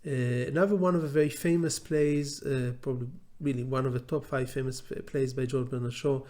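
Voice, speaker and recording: A man's voice: medium pitch, fairly even intonation, a little fast, mellow. A man with an Israeli accent giving an unscripted lecture, blunt and hesitant, with many filler sounds.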